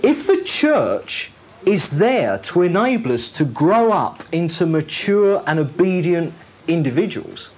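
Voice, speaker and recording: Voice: mid-range voice, sing-song, unhurried, husky. A preacher delivering a sermon emphatically, repeating key phrases and putting rhetorical questions to the listeners.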